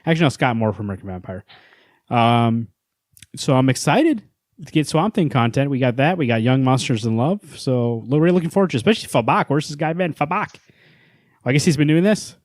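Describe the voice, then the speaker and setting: A man co-hosting a casual comics podcast, talking in a playful, rambling way full of joke stories. His voice sits at an ordinary pitch. The sound is dry and close, with no room echo. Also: expressive, brisk. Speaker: podcast co-host. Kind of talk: casual chat.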